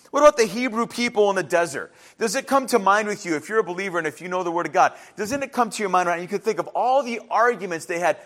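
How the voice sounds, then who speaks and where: Animated high-voiced male preacher. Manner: animated, acts out biblical voices in quick asides. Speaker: pastor. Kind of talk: sermon.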